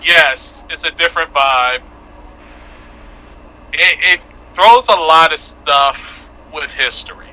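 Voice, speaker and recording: A man's voice: on the high side, slow, pauses often, pushed and bright, poor audio. A man who is a guest on a casual podcast, talking emphatically, laughing, and repeating himself for stress.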